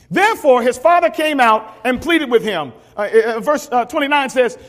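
A man preaches to his congregation, building to shouted emphasis and calling out to the saints. His voice sits very high and moves in lively swoops of pitch. The sound carries the long reverb of a large church sanctuary. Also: fairly quick, few pauses. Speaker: pastor. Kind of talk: sermon.

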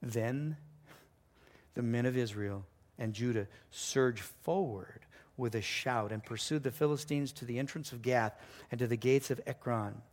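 A man preaching a sermon, telling a story with lively delivery, sometimes dropping to a hushed voice for emphasis. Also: medium pitch, normal speed. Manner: animated storytelling, acts out voices and sounds. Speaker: pastor.

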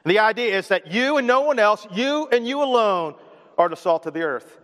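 A man's voice: high voice, lively intonation, fast, fairly bright tone, in a large hall. A man preaching a sermon as pastor of a church, emphatic and repetitive, calling on the congregation to respond. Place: church sanctuary.

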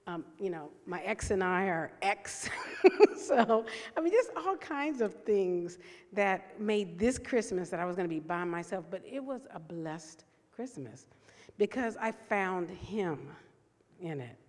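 A woman's voice: mid-range voice, darkish tone. Woman preaching in a reverberant hall. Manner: conversational and earnest, slows down to stress key words. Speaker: speaker at a church service. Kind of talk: sermon with personal story. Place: large room with an audience. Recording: long reverb of a large hall.

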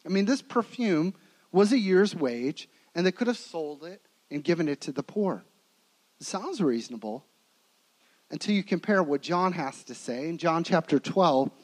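High-voiced man preaching dramatically. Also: animated, unhurried, poor audio. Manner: dramatic storytelling, swinging between emphatic and hushed. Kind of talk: sermon.

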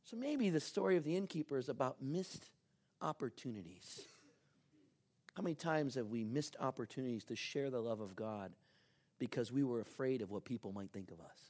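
A man's voice: mid-range voice, moderate pace. Earnest storytelling male pastor. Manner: animated storytelling, dropping to soft earnest appeals. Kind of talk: sermon.

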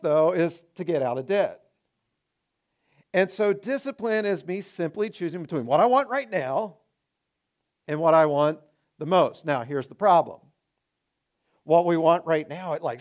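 A man preaching a sermon as pastor, animated and acting out people's excuses in changing voices. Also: a little high, normal speed, pauses often.

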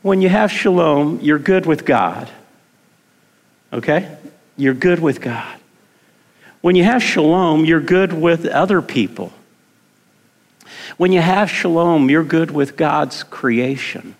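A middle-aged pastor delivers a conversational sermon, repeating words and putting questions to his congregation. His voice is slightly high, his pace slow with long pauses, and a long hall reverb fills the recording.

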